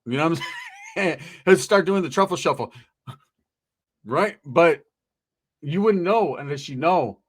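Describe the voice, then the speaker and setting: A man's voice: a little high, lively intonation, a little slow, long pauses, slightly rough. Middle-aged man, streetwise and profane. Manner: profane, streetwise slang, rambling. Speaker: host, commentator. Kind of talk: casual street commentary.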